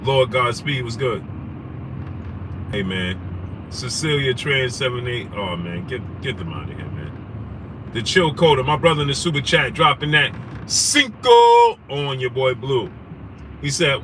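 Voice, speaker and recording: A young man, hosting a casual livestream, telling a story animatedly and shouting out viewers. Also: medium pitch, sing-song, measured pace. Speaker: livestream host. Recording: noisy street background.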